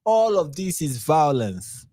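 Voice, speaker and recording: A man's voice: fairly high pitch, big pitch swings, slow, dark tone, breathy edge, no room sound. A Nigerian man with a Nigerian accent hosting his channel, giving sarcastic, mocking live commentary on posts and rambling through restarts and repeats. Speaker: channel host.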